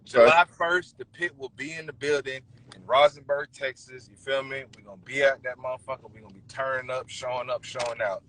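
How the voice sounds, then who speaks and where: A man's voice: medium pitch, steady tone, fast talker, fairly bright tone, poor audio. A man co-hosting a live podcast in slangy, hyped casual chat, plugging upcoming events. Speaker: co-host.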